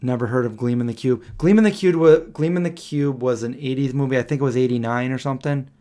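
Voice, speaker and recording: A man's voice: mid-range voice, fast talker, warm tone. A man hosting a casual late-night live stream at home, rambling and stopping to search for names he can't remember. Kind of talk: casual chat. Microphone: desk microphone.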